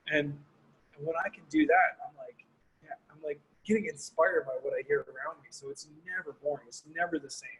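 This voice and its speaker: Answering questions on a video call, the guest, a horn player, rambles reflectively and uses many fillers such as "you know" and "like." He speaks fairly quickly in a slightly high voice with a fairly bright tone, over low-quality audio with a bit of hiss or hum.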